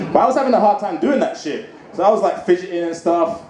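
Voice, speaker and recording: Lively male stand-up comic, echoey club. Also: fairly high pitch, fast, hardly any pauses, crowd noise. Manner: animated, conversational storytelling. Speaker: stand-up comedian. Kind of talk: stand-up comedy set. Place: comedy club stage. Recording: echoey club with background noise.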